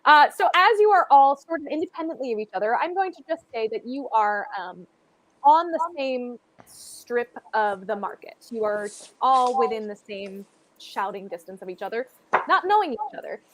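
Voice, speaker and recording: High-pitched woman running a tabletop game, chatty and loose, full of fillers. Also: expressive, moderate pace, no room sound. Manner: rambling, loose, many fillers. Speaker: game master.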